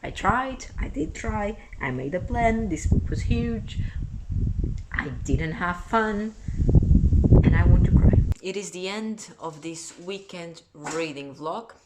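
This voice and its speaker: A young woman vlogger venting in a casual reading vlog, exasperated and dramatic, her voice swinging between muttered complaints and near-shouts. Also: on the low side, expressive, takes it slowly, very noisy. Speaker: book vlogger.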